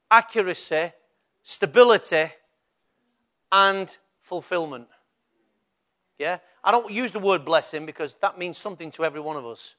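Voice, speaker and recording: A man's voice: high voice, unhurried, pauses often, pushed and bright. A male pastor preaching a sermon in a conversational way, rising to emphatic bursts.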